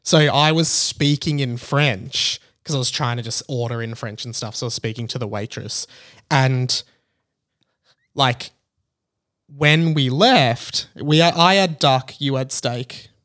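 A man's voice: medium pitch, a little slow, a bit bright. A man hosting a podcast, chatting casually about a trip and rambling through his stories with lots of fillers. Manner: rambling, filler-heavy storytelling. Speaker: podcast host. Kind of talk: casual travel recap chat.

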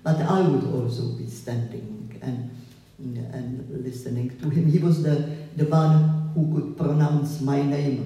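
Slow, mellow-voiced older woman with a foreign accent. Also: low voice. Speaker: photographer, guest. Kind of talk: public conversation at a gallery event. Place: gallery hall with an audience. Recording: echoey hall, voice from far off.

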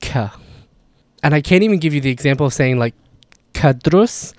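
A man who is not a native Arabic speaker explains grammar in a relaxed, chatty teaching style, full of asides. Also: fairly high pitch, very fast, no room sound. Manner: relaxed, chatty, frequent "like" and "you know" asides. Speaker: language teacher. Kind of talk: casual explanatory lesson.

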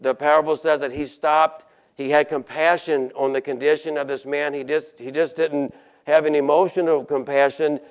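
Male pastor, earnest sermon delivery with halting restarts; slightly higher pitch, smooth resonant tone. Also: level tone.

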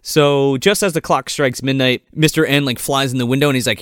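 A man's voice: mid-range voice, fairly quick, smooth, dry recording, studio quality. A man co-hosting a podcast, casually recapping a movie plot with lots of swearing and acted-out quotes. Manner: profane, animated, acts out quotes in voices. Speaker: podcast co-host.

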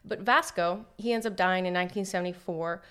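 A woman co-hosting a podcast, telling a story in a playful, jokey and animated way. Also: on the low side, brisk, smooth. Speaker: podcast co-host. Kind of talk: casual conversational storytelling.

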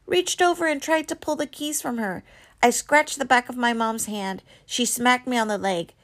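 A woman reading a novel aloud, expressive, with small slips and restarts. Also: fairly high pitch, normal speed. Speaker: reader.

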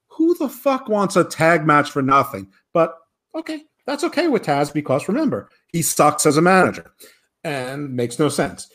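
A man's voice: fairly high pitch, measured pace. A man co-hosting a podcast, recapping wrestling in a rambling, sarcastic way and mimicking the people he quotes. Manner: rambling, sarcastic, animated when quoting others. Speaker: podcast co-host. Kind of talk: casual wrestling recap chat.

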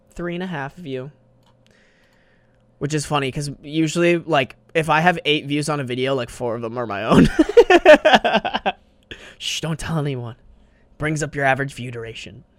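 Joking, chatty young-sounding man, slightly high voice. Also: no room sound. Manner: joking, chatty, laughs often; slangy, loose delivery. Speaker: streamer sharing his screen. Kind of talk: casual chat.

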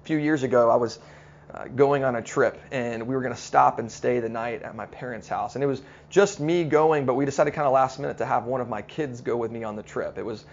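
A middle-aged man preaching a sermon as a pastor, telling stories in an earnest way and slowing down to stress key points. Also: medium pitch, gravelly, highs cut off. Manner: storytelling, earnest, slows down for emphasis.

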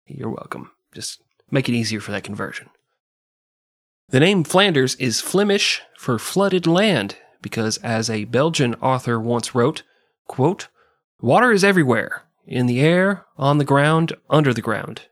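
A male podcast host narrates history with wry jokes and profane asides. His mid-pitched voice sits in a dry, close recording. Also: no room sound.

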